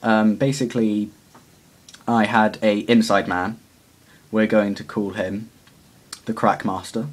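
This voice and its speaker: A man's voice: fairly low pitch, steady tone, breathy edge. A teenage boy vlogging casually, awkward and self-deprecating, laughing often and rambling with fillers. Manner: rambling with many fillers and pauses. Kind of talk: casual confessional vlog.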